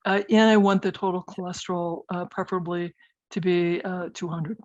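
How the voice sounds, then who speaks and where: A woman's voice: on the low side, fairly even intonation, normal speed, a little mellow, dry recording, dull audio. A middle-aged woman, a physician and guest in a conversational interview, talking hesitantly with many fillers and restarts.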